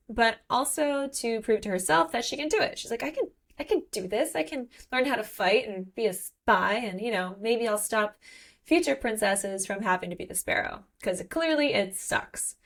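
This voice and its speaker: A woman co-hosting a casual book podcast, retelling the plot and acting out the characters' lines in quick, animated bursts. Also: fairly high pitch. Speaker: podcast co-host.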